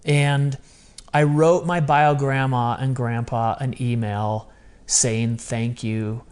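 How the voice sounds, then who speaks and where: A man in his fifties, a podcast guest, telling a personal story in a lively, emotional way with quick asides. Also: mid-range voice, smooth. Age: 50s. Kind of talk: conversational storytelling.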